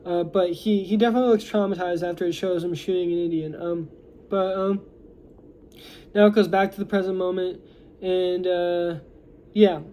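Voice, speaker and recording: A man's voice: sits high, fairly even intonation, normal speed, warm tone, a little hiss or hum. A young American man recapping a movie plot in a casual, rambling way, full of fillers and restarts. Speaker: movie reviewer.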